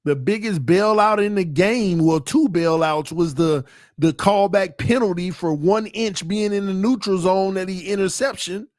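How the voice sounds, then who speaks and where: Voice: medium pitch, normal speed, darkish tone, no room sound, clean studio sound. A sports podcast host ranting heatedly to the live chat, making points emphatically and repeating them for emphasis. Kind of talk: livestream rant to the chat.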